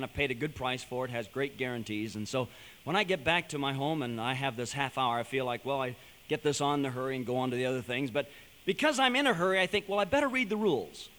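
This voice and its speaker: A man giving an animated, storytelling sermon-style talk to a young audience, building to emphatic points. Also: medium pitch. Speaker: speaker addressing a young audience. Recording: long hall reverb.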